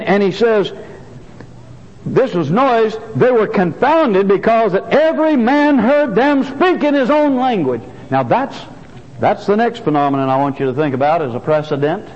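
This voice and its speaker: Repeating key phrases to drive them home, an older pastor delivers a sermon with a high voice that swoops up and down freely. It was captured in a church sanctuary on dull, lo-fi audio with long hall reverb.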